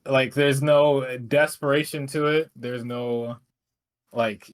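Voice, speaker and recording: Male co-host, average pitch, loose profane rambling chat. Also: steady tone, slow pace, clear, resonant tone. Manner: profane, rambling with many fillers. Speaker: podcast co-host. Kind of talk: casual chat.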